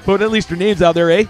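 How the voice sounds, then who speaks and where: Male call-in host, slightly high voice, loose and profane, light music behind. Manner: joking, swearing, teasing callers. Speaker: podcast host. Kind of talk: casual live call-in show.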